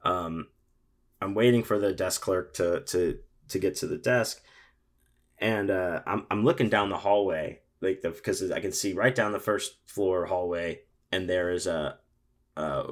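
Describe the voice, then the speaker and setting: Laid-back low-voiced guy telling a story. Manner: animated storyteller, lots of fillers, swears. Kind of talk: casual storytelling chat.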